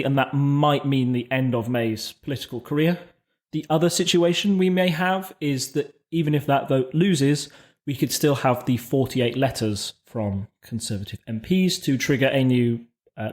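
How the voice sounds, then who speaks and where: A man co-hosting a podcast, explaining political events in a measured, conversational way with frequent restarts. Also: medium pitch. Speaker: podcast co-host. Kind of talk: casual political discussion.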